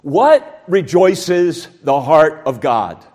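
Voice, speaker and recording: A man preaching a sermon, swinging between loud, shouting emphasis and low, quiet passages. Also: sing-song, a little slow, husky.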